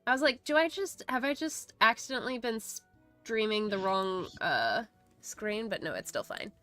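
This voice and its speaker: A woman's voice: mid-range voice, expressive, moderate pace, pushed and bright, faint music behind. A woman hosting a casual study live stream, chatting and reading chat messages aloud with frequent laughs.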